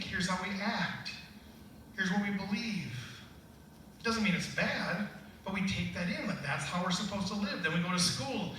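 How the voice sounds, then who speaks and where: Middle-aged guy doing a keynote, jokey and chatty, higher voice, faint room hum. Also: sharp tone. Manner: conversational, humorous, laughs with the audience. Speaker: keynote speaker. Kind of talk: motivational keynote. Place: large hall at a school staff gathering. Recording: echoey hall, distant mic, faint hum.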